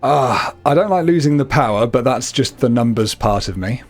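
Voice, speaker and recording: A man's voice: medium pitch, lively intonation, normal speed, soft background music. Laid-back man reading out game events. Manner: reads game text aloud, laid-back and joking. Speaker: co-op gamer, channel host. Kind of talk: casual gameplay chat.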